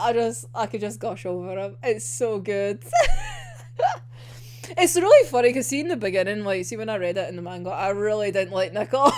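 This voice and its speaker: Excitable, gushing young woman. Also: mid-range voice, normal speed. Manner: excitable, gushing, laughs often. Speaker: anime reviewer. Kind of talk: casual episode discussion.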